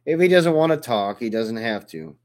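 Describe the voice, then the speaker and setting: A man doing a calm, firm male soldier. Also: medium pitch, moderate pace, natural voice.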